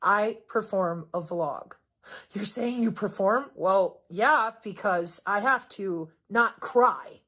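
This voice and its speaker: Middle-aged woman from the Midwest, solo vlog monologue, sarcastic and emphatic, swears freely, lots of swings in pitch and volume. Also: slow, fairly bright tone. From Wisconsin, US Midwest. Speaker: vlogger.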